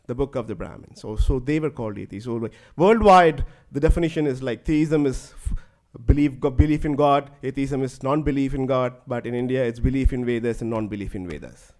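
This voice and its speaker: A man giving a conference lecture, telling stories in an animated way and often saying "like". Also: medium pitch, moderate pace. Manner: animated, fills speech with "like".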